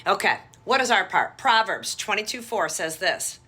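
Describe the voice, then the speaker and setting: A woman's voice: mid-range voice, animated, normal speed, bright, forceful tone, husky. A woman giving an earnest, encouraging devotional talk to her viewers. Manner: earnest, encouraging, addresses viewers as "you guys". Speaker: faith vlogger.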